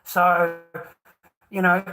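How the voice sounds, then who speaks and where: Middle-aged Australian man, high tense voice, swearing rant, bitter scorn. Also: completely flat delivery, drawn-out words, pushed and bright. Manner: profane, heated, scornful, laughs bitterly. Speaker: vlogger. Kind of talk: angry ranting monologue.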